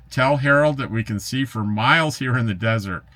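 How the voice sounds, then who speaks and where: Going through viewer comments at a moderate pace, this man, who vlogs about RV travel, responds casually and chattily in a sharp, medium-pitched voice. Light laughter, lots of fillers, and a dry, somewhat sarcastic streak run through his replies. The audio has no echo.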